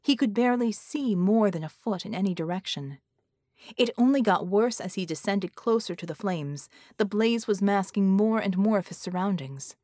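Reading an audiobook script, a woman speaks in a mid-range voice with an even, measured storytelling manner. There is no echo, and the audio is studio quality.

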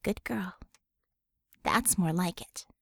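A woman reading aloud and voicing a stern, commanding woman leader who speaks slowly and deliberately, with quiet threat. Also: lowish voice, vocal fry, breathy edge, no echo, clean studio sound, full character voice.

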